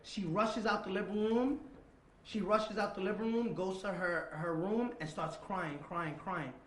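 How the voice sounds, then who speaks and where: A man's voice: high voice, steady tone, a little slow, fairly bright tone, echoey room, a little hiss or hum, poor audio. A man telling a painful personal story as an interview guest, repeating dates and phrases, swearing, and dropping to a near-whisper at the hard parts. He sits indoors across from the interviewer.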